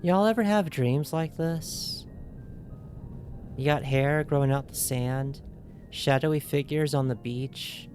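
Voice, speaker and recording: A woman's low-pitched, slightly mellow voice moves slowly as she plays a video game on stream. Putting on a loose, inconsistent accent, she reads the text aloud and jokes with viewers in a giggly, playful way, and faint game music runs underneath.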